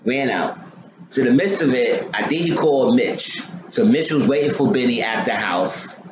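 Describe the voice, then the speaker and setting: A man's voice: mid-range voice, lively intonation, moderate pace, roomy sound, highs cut off, noisy background. A man casually recapping a TV episode, rambling with many ums and restarts.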